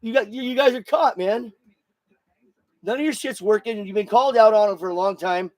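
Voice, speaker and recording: A man's voice: sits high, brisk, no room sound. A man hosting his own show, delivering a blunt, profane solo political rant and repeating words as he gets heated. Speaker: show host.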